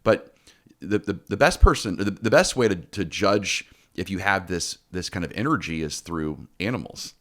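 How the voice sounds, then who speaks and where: Deep-voiced man telling stories, full of restarts. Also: lively intonation, normal speed. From Texas. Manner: storytelling with many restarts and repeated words. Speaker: podcast host. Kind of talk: casual podcast chat.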